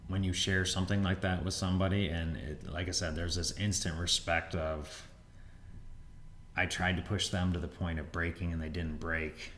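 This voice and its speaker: A man with a very low voice talks in a loose, rambling way as a podcast host. The room rings with echo and a faint hum sits behind him. He slips into bigger voices when he quotes people. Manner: relaxed, rambling, acts out quotes with a raised voice. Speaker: gym owner and podcast host. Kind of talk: casual podcast chat. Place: gym. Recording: roomy echo with faint ambience.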